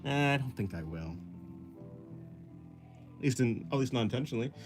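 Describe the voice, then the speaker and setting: A man's voice: mid-range voice, expressive, normal speed, faint music behind. A man livestreaming while he sketches, reading chat aloud and rambling in a self-deprecating way that often breaks into laughs. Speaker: art livestreamer.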